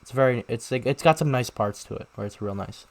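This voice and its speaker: A young man co-hosting a podcast, telling a rambling story in casual chat and shouting out the lines he quotes. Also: medium pitch, fairly quick. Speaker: podcast co-host.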